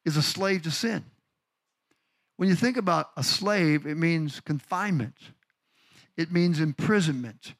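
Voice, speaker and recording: An older man, a pastor, preaching a lively sermon, asking the congregation questions and acting out stories. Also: fairly high pitch. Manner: animated, asks the congregation questions, acts out stories.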